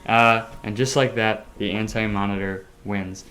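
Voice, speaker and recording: A man hosting a casual podcast, telling a story excitably with sound effects and the odd swear word. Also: lowish voice, unhurried, soft background music. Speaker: podcast host.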